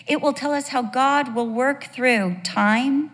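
Animated woman teaching in a reverberant hall. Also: sits high, a little slow, hardly any pauses. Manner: animated, conversational storytelling. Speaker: Bible teacher. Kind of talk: sermon.

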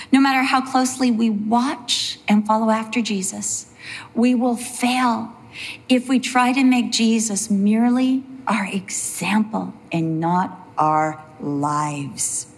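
Earnest woman teaching Bible study. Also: fairly high pitch. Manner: earnest, slows down for emphasis, chatty asides.

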